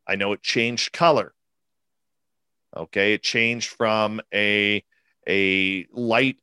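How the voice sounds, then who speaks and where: A man's voice: mid-range voice, sharp tone, clear, resonant tone, no echo. A man in his forties, recounting an encounter as an interviewee, emphatic and repetitive, acting out the quotes. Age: 40s. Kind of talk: animated personal storytelling.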